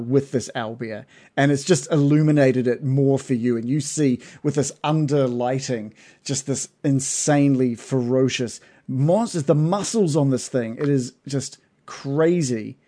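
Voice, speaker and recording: A man's voice: medium pitch, unhurried, warm tone. A man narrating as game master of a tabletop game, hesitant, with many fillers and restarts.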